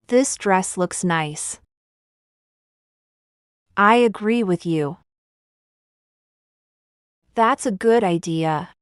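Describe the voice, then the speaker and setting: Slow, clear-speaking woman teacher. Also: mid-range voice, no room sound, clean studio sound. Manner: slow, deliberate, clearly enunciated. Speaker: English teacher. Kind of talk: slow scripted phrase lesson.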